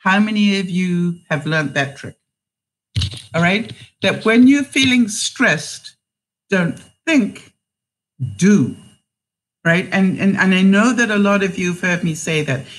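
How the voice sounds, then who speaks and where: A woman's voice: medium pitch, slow, long pauses, low-quality recording. Woman vlogger, casual livestream chat, rambling, frequent laughs, reads viewer comments. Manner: chatty and rambling, laughs often.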